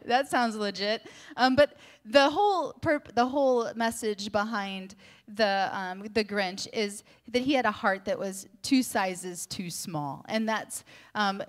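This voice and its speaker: Female co-pastor, mid-pitched, relaxed and candid sermon talk with easy laughter. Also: unhurried. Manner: chatty, laughs easily, candid. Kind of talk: conversational sermon.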